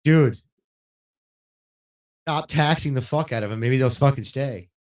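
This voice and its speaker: Man, casual streamer rant, profane, blunt, mid-pitched voice. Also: measured pace. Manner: blunt and profane, rising loud when worked up. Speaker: gaming livestreamer.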